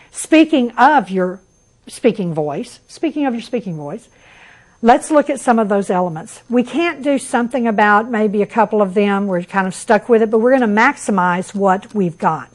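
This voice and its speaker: A middle-aged woman, a college instructor, giving a classroom lecture in a loud, lively, emphatic voice with frequent restarts and repeated words. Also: mid-range voice, rough recording. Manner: loud speaking voice.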